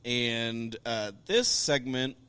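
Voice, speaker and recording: A man's voice: mid-range voice, very slow, clear, resonant tone, dry recording. Profane middle-aged man recapping wrestling. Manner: profane, animated storyteller. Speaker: podcast co-host. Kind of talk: casual wrestling recap chat.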